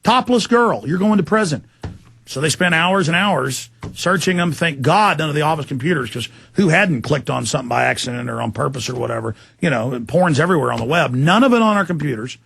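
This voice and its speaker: Gravelly, ranting male radio host. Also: on the high side, lively intonation, no echo. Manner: forceful, ranting, rapid-fire. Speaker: radio talk show host. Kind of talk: heated talk radio interview.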